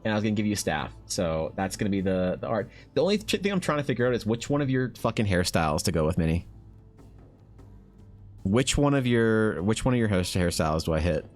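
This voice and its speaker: A man with a Canadian accent chatting on a live art stream, excitable and swearing, mock-exasperated at his chat. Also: on the low side, a little fast, faint music behind. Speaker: artist streamer. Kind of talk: casual livestream chat while drawing.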